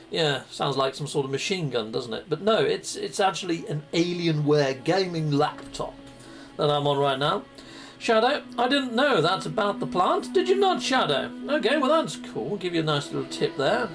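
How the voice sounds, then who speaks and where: This British man, whose voice runs a bit high and bright, livestreams his gaming with lighthearted, chatty commentary. He welcomes viewers and throws in silly exclamations.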